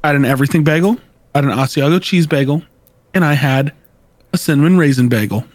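A man co-hosting a podcast in casual chat, jokey and quick to laugh. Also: a little high, darkish tone, no echo. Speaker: podcast co-host.

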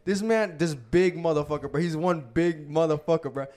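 A young man chats on his podcast in loose, profane slang. He tells stories casually with plenty of filler. His voice sits a little high for a man. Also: normal speed, darkish tone. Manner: loose storytelling, heavy slang and swearing. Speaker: podcast host. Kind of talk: casual chat.

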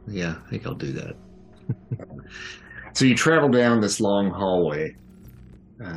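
A man narrating a tabletop game as game master, relaxed and laughing easily. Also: low-pitched.

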